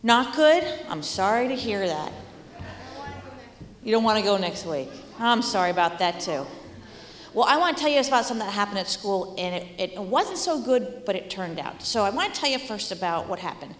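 A woman teacher giving a children's message at church, speaking animatedly to kids and sometimes dropping to a soft whisper. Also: medium pitch, expressive, moderate pace. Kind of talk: children's sermon. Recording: echoey hall.

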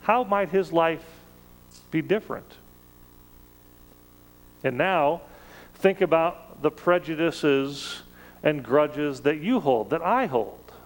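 A man preaching a sermon in a measured, conversational way, with emphatic rises on key words. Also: a little high, expressive, big-room sound, rough recording.

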